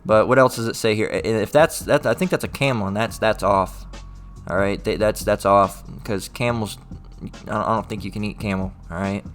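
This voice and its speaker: A man with a fairly low voice leads a relaxed scripture study. He talks loosely and repeats himself, tacking "all right?" onto most lines, and lifts his voice when he reads the old-style verses aloud. Soft music plays faintly behind him. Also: moderate pace. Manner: repetitive, checks in with "all right?". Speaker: religious teacher.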